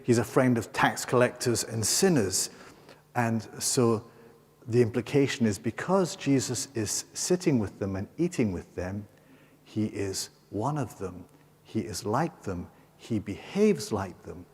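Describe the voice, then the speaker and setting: A Scottish priest preaching a homily with a somewhat low, husky voice. He tells his story casually, full of fillers and restarts. His words ring out with a long reverb through a large cathedral. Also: animated, measured pace. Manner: rambling, self-correcting storytelling with frequent fillers. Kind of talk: homily at Mass.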